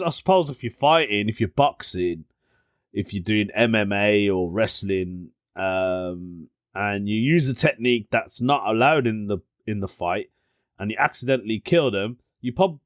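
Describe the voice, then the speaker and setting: A man's voice: medium pitch, fairly bright tone, no echo, clean studio sound. A young man hosting his own podcast, chatting and telling stories casually and laughing often. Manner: chatty storyteller, laughs often, British slang like "innit". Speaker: podcast host. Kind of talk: casual solo podcast chat.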